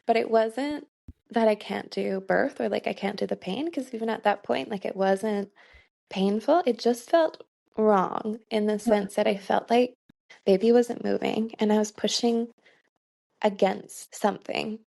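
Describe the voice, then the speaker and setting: Woman, 30s, very creaky gravelly voice, mid pitch, earnest storytelling, lots of "like", podcast guest. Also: a little slow, mellow. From Canada. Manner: earnest, many "like" fillers, laughs often. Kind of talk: personal storytelling in a podcast interview.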